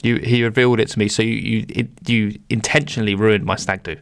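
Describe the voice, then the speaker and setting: An easygoing man chats on a film podcast in a low voice. He agrees readily and chuckles between remarks. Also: steady tone, fast, gravelly. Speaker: podcast co-host. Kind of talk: casual film podcast chat.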